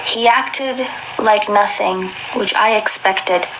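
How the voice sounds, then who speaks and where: A woman's voice: medium pitch, slow pace, a crowd in the background, rough recording. A young woman reading aloud and reacting emotionally, with many exclamations and slang.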